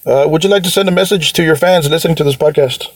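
A man's voice: on the high side, fast, slightly rough, no room sound. Encouraging male podcast interviewer. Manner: brief encouraging reactions, laughs along. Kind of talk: casual interview.

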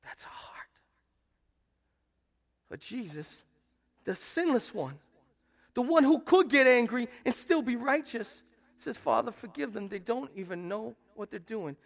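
A man pastor preaching a sermon, swinging between loud emphatic rises and soft hushed lines. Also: very high-pitched, very animated, a little slow, vocal fry. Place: church sanctuary.

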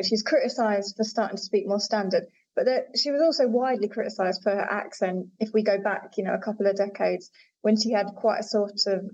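A woman's voice: mid-range voice, mellow. A woman linguistics researcher, a podcast guest, explaining in an articulate, conversational way with frequent fillers. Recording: dull lo-fi audio.

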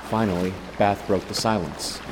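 A man narrating a story in a steady, even way, as an audiobook reader. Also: lowish voice, moderate pace, long reverb tail, background noise. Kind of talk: scripted narration.

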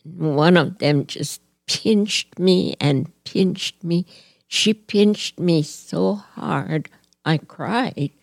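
An older woman from Hawaii recalls her childhood in an unhurried, earnest way, each phrase given plenty of room. Her low voice carries a gravelly texture. The recording is dry and close. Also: no room sound. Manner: slow, earnest, gently reflective telling. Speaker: storyteller. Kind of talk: personal reminiscence.

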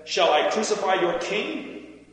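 A man's voice: high-pitched, expressive, measured pace, fairly bright tone, voice pushed up. A man reading as Pilate, uneasy and pleading. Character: Roman governor, wavering and uneasy. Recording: echoey hall with faint hum.

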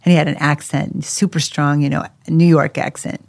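A woman telling her own story in a casual podcast chat. She talks in an animated way, laughs often and acts out the voices of people she quotes. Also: low voice, moderate pace, gravelly, no room sound, studio quality. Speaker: co-host sharing her life story.

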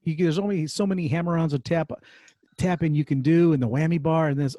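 A man's voice: on the high side, fairly even intonation, fast talker, dark tone, dry recording. A man hosting a casual music podcast, talking in an easygoing way and steering the chat. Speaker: podcast host.

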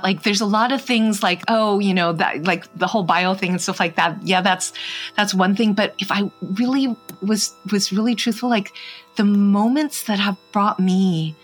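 A married woman guest in an interview, speaking earnestly and reflectively, often pausing and restarting with fillers. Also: medium pitch, breathy edge. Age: adult, married. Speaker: podcast guest.

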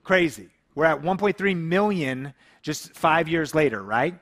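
A man's voice: fairly high pitch, animated, a little slow, fairly bright tone. A man in his thirties from the Seattle area tells a personal story to camera. He speaks in a slightly raised voice and acts out his phone calls as he goes. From Seattle area, USA. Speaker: YouTube creator and speaker.

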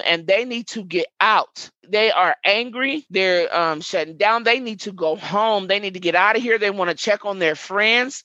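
A woman's voice: medium pitch, fairly bright tone, dry recording, lo-fi sound. A middle-aged woman telling her story in an interview, reliving events vividly and quoting what everyone said. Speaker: interviewee, mother and community worker. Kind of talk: emotional first-person testimony.

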